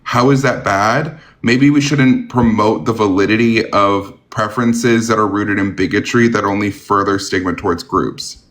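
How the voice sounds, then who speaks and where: A man's voice: lowish voice, normal speed, a bit bright. A man hosting a live-streamed debate, talking bluntly with a sarcastic, argumentative edge.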